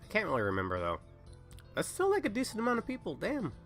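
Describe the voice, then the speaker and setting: This young man talks fast in a high, slightly bright voice whose pitch swoops wildly, with faint music in the background. He's sick and coughing while livestreaming a game, rambling casually and interrupting himself.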